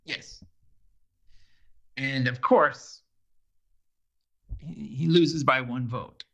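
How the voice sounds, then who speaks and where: A man's voice: medium pitch, fairly even intonation, extremely slow, gravelly, a bit bright. A man in casual chat, animatedly retelling a TV episode and acting out the characters' lines.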